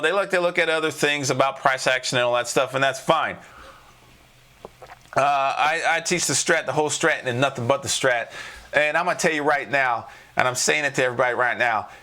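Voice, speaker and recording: A man hosting a live trading show, walking viewers through price charts in an animated, emphatic way and often checking in with "all right?". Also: medium pitch, moderate pace. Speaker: trading coach and show host.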